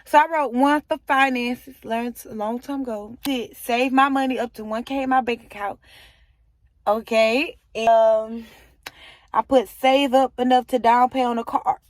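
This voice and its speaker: A woman's voice: fairly high pitch, steady tone, a little slow, no room sound. Chatty young woman vlogging in her car. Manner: chatty, addresses viewers directly, gets emotional. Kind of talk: casual chat to camera. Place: inside a parked car.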